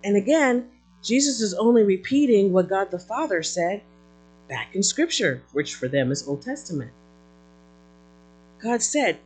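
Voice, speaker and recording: Animated preacher with a lively, swooping pitch. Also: unhurried, soft background music, low-quality recording. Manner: animated preaching with call-outs to the congregation; repeats words and restarts mid-phrase. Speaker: pastor. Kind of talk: sermon.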